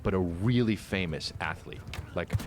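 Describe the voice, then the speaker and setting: A man's voice: low-pitched, moderate pace, noisy background. A man who is a comedian, chatting casually and telling a story with lots of swearing. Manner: animated storytelling, swearing freely. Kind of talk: casual chat.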